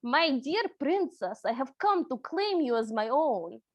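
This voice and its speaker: A woman voicing a smarmy male wolf suitor in a clumsy fake Russian accent, slow and wooing. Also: sits high, sing-song, no room sound, highs cut off, exaggerated voice.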